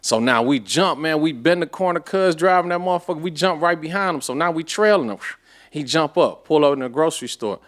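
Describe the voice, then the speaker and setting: A man, a podcast guest, telling a story in a casual, animated way with profane street slang. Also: on the high side, fairly quick.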